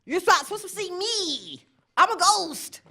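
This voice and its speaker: A woman voicing an annoyed female ghost who yells that she is dead. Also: sing-song, measured pace, heavily acted. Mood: indignant yelling. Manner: yelling, shrill.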